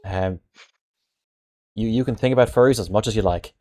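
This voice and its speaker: A man's voice: on the low side, moderate pace, warm tone. A man playing a tabletop game. He talks hesitantly and often restarts. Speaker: player.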